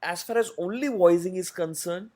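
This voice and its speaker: A man, a voice artist answering interview questions in a measured, explanatory way with many pauses. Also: sits high, warm tone. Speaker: voice artist guest.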